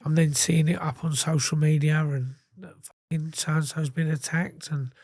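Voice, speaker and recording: A man's voice: fairly high pitch, flat delivery, moderate pace, a little mellow, slightly rough, no room sound, clean studio sound. An English man, a podcast guest, telling his story casually with heavy swearing and acted-out quotes. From England. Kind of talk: candid storytelling interview.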